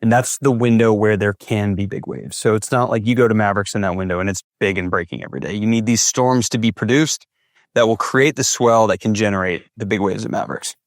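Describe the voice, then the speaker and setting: A young man with a lowish voice tells a gripping surf story, slipping into the voice of his own past thoughts as he goes. He speaks close to a dry microphone with little room sound. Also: a little fast, dry recording. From California. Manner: vivid retelling with acted-out inner thoughts. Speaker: big wave surfer guest. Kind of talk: storytelling in a podcast interview.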